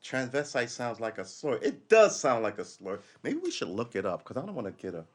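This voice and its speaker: A man's voice: sing-song, brisk. Rambling opinionated man hosting a podcast. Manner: rambling, opinionated, jumps between loud outbursts and low asides. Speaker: podcast host. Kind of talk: casual live commentary.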